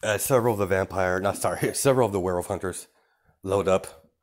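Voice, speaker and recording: A man with a very low voice narrating a fan story on the fly. He rambles casually, full of fillers, restarts and asides to his listeners. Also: fast.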